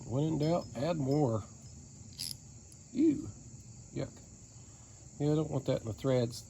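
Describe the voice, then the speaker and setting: A man with a Southern Appalachian twang narrates his boat refit as he works with his hands, cracking folksy jokes to the viewers. His voice is mellow and relaxed. Faint crickets and insects hum in the outdoor air behind him. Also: medium pitch, normal speed, gravelly. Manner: folksy, joking, talking to viewers while working with his hands. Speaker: DIY boat-repair vlogger. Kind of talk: casual how-to narration while working. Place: outdoors beside a boat on the ground.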